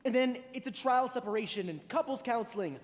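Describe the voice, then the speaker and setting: A young man plays a lonely, middle-aged fan of old musicals who muses wryly to the audience in a fairly high, lively voice. He is heard on a school stage with a long echo around him. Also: fairly quick. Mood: wistful. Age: teens. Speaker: narrator. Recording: reverberant auditorium stage.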